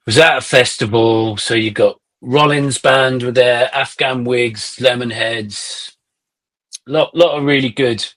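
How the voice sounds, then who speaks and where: A middle-aged man sits in as a podcast guest and tells his stories in a loose, conversational way, peppering them with swearing. His voice sits in an ordinary mid range. He turns animated as the anecdotes build. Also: medium pitch, unhurried. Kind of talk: casual conversational storytelling.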